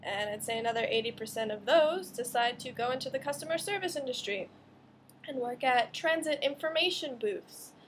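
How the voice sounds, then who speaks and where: A woman's voice: fairly high pitch, a little hiss or hum. A young woman vlogging in a casual, sarcastic, ranting monologue to camera. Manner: sarcastic, ranting, quick asides.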